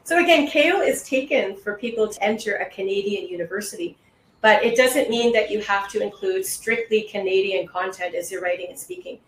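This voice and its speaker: Over a video call, a woman test-prep instructor answers webinar questions patiently, reassuring and explaining as she goes. She speaks at medium pitch and a little fast, with slight background noise and a roomy echo.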